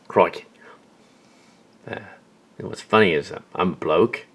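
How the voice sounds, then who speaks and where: A young man improvising deadpan voice acting for a fan-film parody, with muttered asides. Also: low-pitched, brisk.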